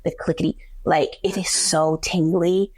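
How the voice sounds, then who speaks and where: A woman's voice: lowish voice, flat delivery, measured pace, darkish tone. A woman hosting a podcast in casual chat, candid, swearing freely and laughing often. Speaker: podcast host.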